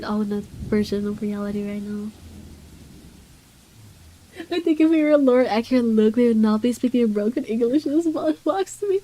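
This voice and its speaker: A woman's voice: a little high, animated, normal speed, pauses often, warm tone. A woman streamer giving casual gaming commentary, rambling, self-deprecating and flustered.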